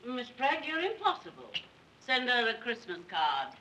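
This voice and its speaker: A snobbish middle-aged society mother, clipped and imperious in the manner of early 1930s film acting. Her voice sits rather high and sounds bright and sharp, swooping widely in pitch. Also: wildly swooping pitch, moderate pace, a little hiss or hum, heavily acted, low-quality recording. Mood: haughty. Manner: imperious, clipped, dramatic outbursts. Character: haughty wealthy society mother, snobbish and theatrical.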